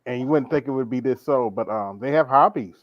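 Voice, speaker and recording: Fast-talking man, dry lo-fi sound. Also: mid-range voice, no room sound. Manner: quick, chiming in with agreement. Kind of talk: casual chat.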